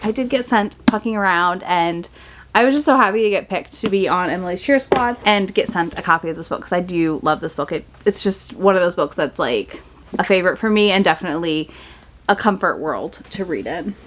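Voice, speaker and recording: A woman's voice: fairly low pitch, animated, a little fast, background noise. A young woman chatting casually and enthusiastically in a book haul video, gushing with lots of fillers. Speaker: book vlogger.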